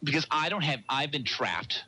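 A man's voice: fairly high pitch, lively intonation, normal speed, pushed and bright, husky, rough recording. A man co-hosting a relationship talk show, chatting casually and explaining his feelings through examples. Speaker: podcast co-host. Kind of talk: casual chat.

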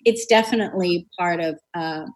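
Woman host, low-ish voice, earnest and flowing, spiritual talk show. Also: normal speed, rough recording. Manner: earnest, flowing, many fillers and restarts. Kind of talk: spiritual conversation.

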